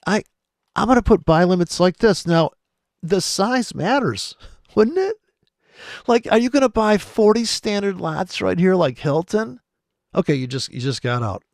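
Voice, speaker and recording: A man's voice: high voice, lively intonation, measured pace, gravelly, no echo, clean studio sound. A man giving rambling, profane, sardonic commentary over trading charts, muttering asides and often laughing to himself. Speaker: trading video host.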